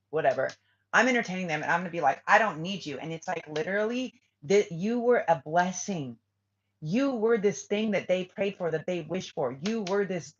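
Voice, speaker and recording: A woman giving a casual spiritual reading to her viewers, blunt and swearing freely as she acts out what people say. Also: on the low side. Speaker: tarot reader. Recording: lo-fi muffled audio.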